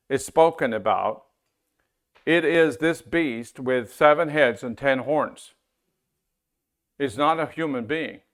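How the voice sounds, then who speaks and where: A man teaching a Bible-school class in a casual, conversational way, often checking in with his listeners and reading scripture aloud slowly. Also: fairly high pitch, fairly bright tone.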